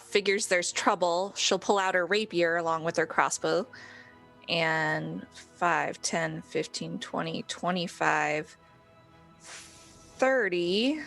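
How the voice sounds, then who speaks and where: A woman playing a tabletop game, calmly describing her character's actions. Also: on the low side. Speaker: player. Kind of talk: casual tabletop play.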